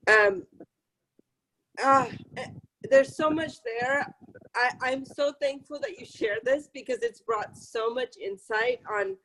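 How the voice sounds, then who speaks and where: A woman sharing a personal story on a video call, emotional and halting. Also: high voice, lively intonation, fairly bright tone, poor audio. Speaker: group participant.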